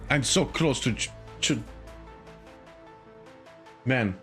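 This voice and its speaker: A man's voice: mid-range voice, animated, extremely slow, pushed and bright, soft background music. A man streaming a video game in casual chat, muttering to himself and swearing a lot. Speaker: gaming streamer.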